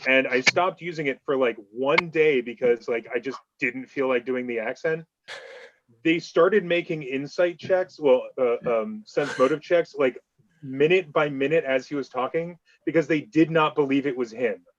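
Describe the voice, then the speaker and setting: A man's voice: mid-range voice, normal speed, dry recording. Man, game master, casual chat, interjecting, dull lo-fi sound. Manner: interjecting, corrective.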